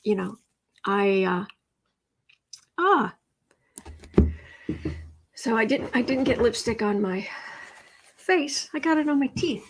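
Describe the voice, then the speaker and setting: A woman's voice: fairly high pitch, expressive, slow, pauses often, slight background noise. A woman chatting casually on her live stream at home, laughing often and cooing at her cat.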